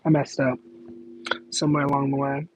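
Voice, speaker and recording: A man's voice: mid-range voice, level tone, fairly quick, a little hiss or hum, poor audio. A man chatting casually on a live question-and-answer stream, rambling, stopping to correct himself and laughing in disbelief.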